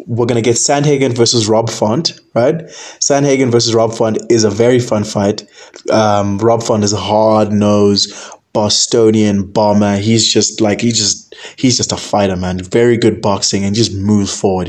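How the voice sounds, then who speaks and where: A man's voice: fairly low pitch, a little mellow. A young man hosting a combat sports talk show alone, chatting casually and rambling, often tacking "man" and "right?" onto his sentences. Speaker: combat sports podcast host. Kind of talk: casual solo commentary.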